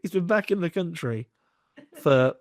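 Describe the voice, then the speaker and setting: A man's voice: on the high side, lively intonation, measured pace, no room sound, clean studio sound. A man, a podcast host chatting casually and jokily retelling a film plot. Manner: jokey retelling, puts on silly voices. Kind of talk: casual film-review chat.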